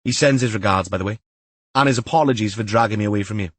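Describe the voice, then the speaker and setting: A man's voice: on the low side, quick pace, fairly bright tone, no echo. A man voicing an eager, jokey young detective constable. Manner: eager, upbeat, joking.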